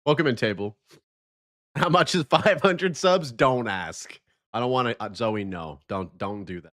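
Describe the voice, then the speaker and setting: A male streamer in casual live chat, joking and rambling as he greets viewers. His voice has a mid pitch and swings widely in intonation. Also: measured pace. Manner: animated, joking, chatty.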